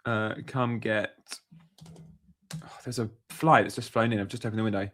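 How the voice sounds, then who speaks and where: A man's voice: lowish voice, fairly even intonation, moderate pace, fairly bright tone, a little hiss or hum. A young man chatting casually on a live stream, upbeat and reading out viewer comments as he goes. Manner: chatty, upbeat, reads out chat messages. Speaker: fantasy football streamer.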